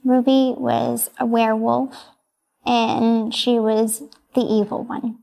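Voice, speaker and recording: Soft-spoken hesitant young woman, gravelly. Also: on the high side, level tone, takes it slowly. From United States. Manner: soft, hesitant, brief answers with many ums. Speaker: interviewee. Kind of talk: answering interview questions.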